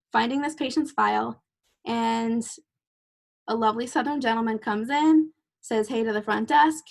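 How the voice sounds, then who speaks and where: Woman, podcast host, chatty storyteller, slightly high voice, gravelly fry. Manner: chatty storyteller who laughs easily. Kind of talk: casual podcast conversation.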